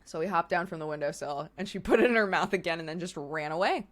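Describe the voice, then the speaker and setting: A woman hosting her stream, chatting casually about her day. Her pitch swings widely and animatedly as she tells stories. She laughs often and swears offhandedly. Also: lively intonation, fast, a bit bright. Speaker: streamer host. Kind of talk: casual chat.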